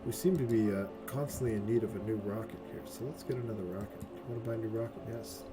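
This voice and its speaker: A man's voice: lowish voice, fast talker. A man giving casual gameplay commentary as a streamer, chatty and profane, often tagging his lines with "right?". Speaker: game streamer. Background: game music.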